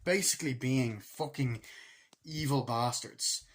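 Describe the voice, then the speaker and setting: A man casually reviewing a film, swearing freely and acting out scenes in quick voices as he rambles through the plot. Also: medium pitch. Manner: excited, rambling retelling. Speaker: movie reviewer.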